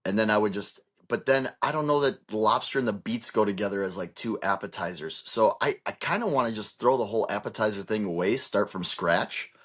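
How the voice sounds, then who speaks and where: Rambling casual man, low voice. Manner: rambling, restarts often, heavy use of "like". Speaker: podcast co-host. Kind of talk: casual podcast chat.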